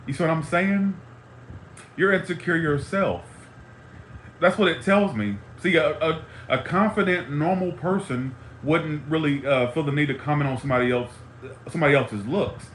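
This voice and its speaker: A man's voice: on the high side, moderate pace, fairly bright tone, a little hiss or hum. A man in an angry, profane ranting monologue, heated and repetitive, talking to a live stream audience. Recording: roomy echo, faint ambience.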